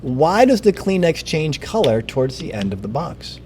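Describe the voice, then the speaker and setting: A man in his fifties hosts a casual chat about teaching, with a lively, swooping delivery. His pitch sits a little high, and he slips into his students' voices as he tells stories. A faint hiss runs behind the recording. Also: normal speed. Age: 50s. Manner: animated storyteller who acts out his students. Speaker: podcast host and middle school teacher.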